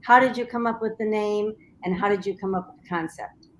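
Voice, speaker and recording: A woman's voice: mid-range voice, fairly even intonation, fairly quick, lo-fi sound, a little hiss or hum. A woman hosting a talk show, asking her guest engaged follow-up questions. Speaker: host. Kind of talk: interview questions.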